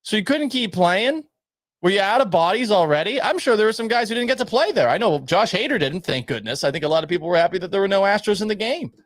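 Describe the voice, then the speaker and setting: A man hosting a sports radio show, talking with a slightly high voice, sarcastic and full of opinions. He reads out listener texts, laughs at himself, and gives blunt takes. The studio sound is dry and close to the mic. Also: animated, quick pace, no room sound. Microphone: studio microphone at a mixing board.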